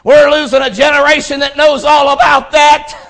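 Male pastor, high-pitched and piercing, impassioned revival preaching with repeated lines and shouted peaks. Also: little pitch movement, moderate pace. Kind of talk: fervent revival sermon. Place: church service.

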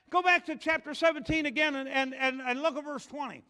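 A man preaching a sermon in a church, swinging from quiet asides to shouted excitement and acting out Bible figures in voices. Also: very high-pitched, fairly quick, big-room sound. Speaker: pastor.

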